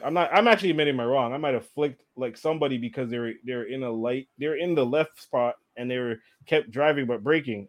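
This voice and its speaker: A man telling a long story in a casual, animated and profane way, laughing as he goes. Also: mid-range voice. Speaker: podcast co-host telling a story. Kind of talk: casual chat.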